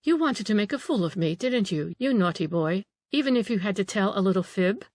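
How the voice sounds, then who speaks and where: A woman reading the part of a proud, sharp, motherly Italian marchesa who scolds a young man. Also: medium pitch, expressive, brisk, dry recording, close to an everyday voice. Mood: teasing.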